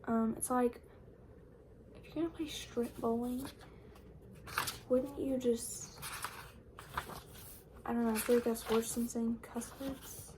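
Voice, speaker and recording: A young woman vlogs a chatty, sarcastic rant about books she dislikes, full of fillers. Her rather high voice stays steady, moving slowly with frequent pauses, and background noise can be heard.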